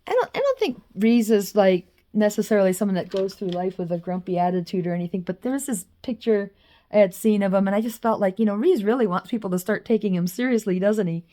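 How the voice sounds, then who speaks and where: A woman with a warm, mellow voice rambles casually about her own drawings. She swears freely and fills the gaps with "you know.". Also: medium pitch, animated, fast. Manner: loose and profane, with frequent "you know" and laughs. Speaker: vlogger showing her drawings.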